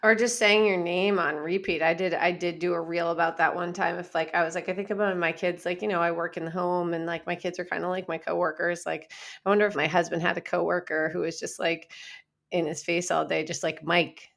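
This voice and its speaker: This is a woman with a lowish voice and a gravelly, fry-heavy edge. She chats as a podcast guest, frank and profane, and trails through loose "like" and "you know" fillers. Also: little pitch movement, brisk, a bit bright. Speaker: guest, parenting content creator. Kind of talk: casual podcast chat.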